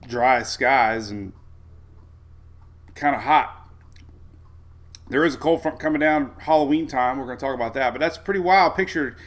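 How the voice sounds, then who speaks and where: A middle-aged man hosts a live weather stream. He chats easily and greets his viewers one by one, with a lot of laughter. His voice sits at an ordinary pitch for a man. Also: a bit bright. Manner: chatty, greets viewers by name, laughs often. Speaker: weather livestream host. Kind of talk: casual live-stream chat.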